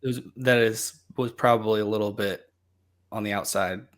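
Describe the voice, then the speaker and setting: A man's voice: on the low side, fairly even intonation, moderate pace. A man co-hosting a podcast, chatting casually, mostly agreeing and adding short remarks. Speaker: podcast co-host. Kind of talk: casual chat.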